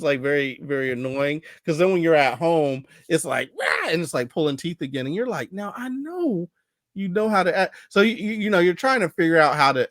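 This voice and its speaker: A man hosting a podcast, chatting casually and telling stories with animated voices. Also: a little high, no room sound, studio quality. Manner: animated storyteller, acts out voices. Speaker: podcast host. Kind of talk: casual conversation.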